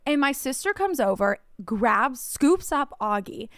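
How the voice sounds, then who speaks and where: A young woman co-hosting a podcast, telling a long story in casual chat, animated, swearing often and filling her talk with "like". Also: sits high, a little slow, no room sound, studio quality. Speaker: podcast co-host.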